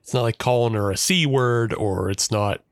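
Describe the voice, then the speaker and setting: A man co-hosting a podcast, explaining things in a relaxed, hesitant way with many restarts. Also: medium pitch, moderate pace, no room sound, clean studio sound. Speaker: podcast co-host. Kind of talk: casual film review chat.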